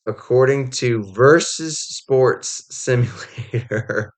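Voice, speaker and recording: A man's voice: medium pitch, takes it slowly. A man giving casual college football commentary, rambling with lots of "like" and "um" and acting out quotes as he goes. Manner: rambling, heavy on "like" and "um" fillers; animated storytelling with acted-out quotes. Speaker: college football podcast host.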